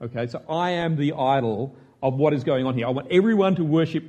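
A man's voice: on the high side, fairly quick, warm tone. A man preaching a conversational sermon, self-mocking and chatty, often asking his listeners questions.

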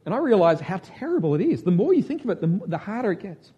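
Husky, high-voiced chatty preacher man. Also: big pitch swings, fast talker, dark tone, highs cut off. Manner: self-mocking, chatty, asks the room questions. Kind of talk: conversational sermon.

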